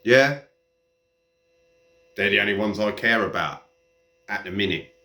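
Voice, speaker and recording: A man's voice: on the low side, lively intonation, measured pace, creaky, pushed and bright. A man delivering a heated, profane, mocking rant straight to camera. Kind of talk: ranting monologue. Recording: echoey room.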